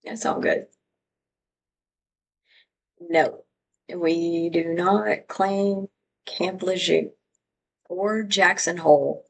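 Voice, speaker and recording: A woman's voice: on the low side, steady tone, extremely slow, creaky, pauses often, rough recording. A woman from Louisiana hosting a live stream, chatting casually and rambling as she greets viewers by name.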